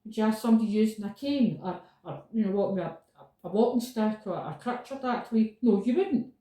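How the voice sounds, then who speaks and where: A woman's voice: medium pitch, fairly quick, warm tone, recorded from a distance. A woman in casual chat as a podcast host, stating her points firmly and repeating them for emphasis. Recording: echoey room, voice from off the mic.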